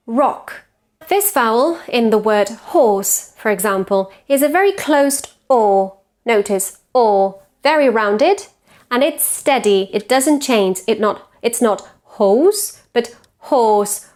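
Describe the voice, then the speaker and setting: Slow, careful woman pronunciation coach. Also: fairly high pitch, a little mellow. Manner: slow, careful, modelling each vowel sound with repeated examples. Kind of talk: pronunciation lesson.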